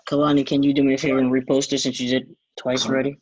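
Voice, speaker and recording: A man's voice: medium pitch, completely flat delivery, very fast, no echo. A man teacher taking roll in an online class on a video call, matter-of-fact. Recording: dull, dry video-call audio.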